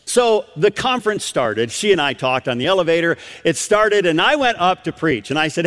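Animated preacher man telling a story. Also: high voice, a little fast, long reverb tail. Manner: animated, acts out quotes. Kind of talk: sermon storytelling.

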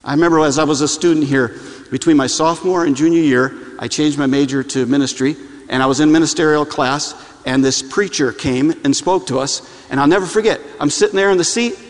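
A middle-aged man preaching a sermon, telling stories with animated delivery and repeating lines for emphasis. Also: a little high, brisk. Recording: long hall reverb.

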